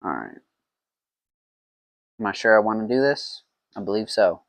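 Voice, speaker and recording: A man's voice: on the low side, very animated, normal speed, creaky, dry recording. A man talking to himself in a playful, rambling way while making mead at home, in a casual brewing vlog. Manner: rambling, playful self-talk.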